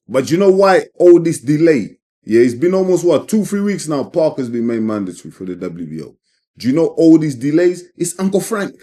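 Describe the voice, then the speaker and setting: A man's voice: a little high, mellow, husky. Emphatic ranting man. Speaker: boxing commentator. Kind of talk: casual opinion vlog.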